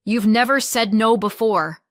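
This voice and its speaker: Uma mulher fazendo uma irmã defensiva e melosa. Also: female voice, lowish voice, normal speed, fairly bright tone, no echo, clean studio sound, lightly acted. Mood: defensive. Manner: syrupy, then snapping. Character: sugary, defensive sister in her thirties.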